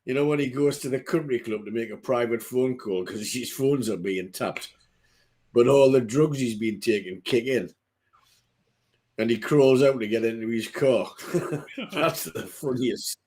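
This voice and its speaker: A man's voice: medium pitch, a little slow, a little mellow. A man with a Geordie accent, co-hosting a podcast, chatting casually and chuckling as he recalls a film scene. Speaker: podcast co-host. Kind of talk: casual chat.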